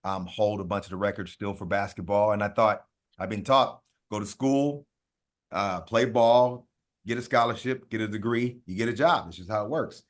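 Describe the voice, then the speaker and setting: A man's voice: lowish voice, normal speed. A man on a podcast telling his life story casually and animatedly, swearing often and acting out what people said. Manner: animated, profane, acts out quoted voices. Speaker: podcast guest, reality TV contestant.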